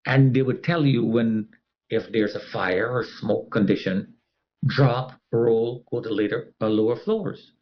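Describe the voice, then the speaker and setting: A man's voice: mid-range voice, unhurried, lo-fi sound. A man telling a personal story as an interviewee. He talks animatedly and acts out the other people's voices.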